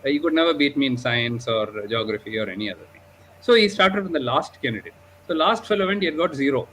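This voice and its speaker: A man's voice: mid-range voice, lively intonation, quick pace, fairly bright tone, a little hiss or hum, rough recording. A man, a diabetes doctor, telling a story animatedly in a live discussion, often adding 'okay?' and 'you know'.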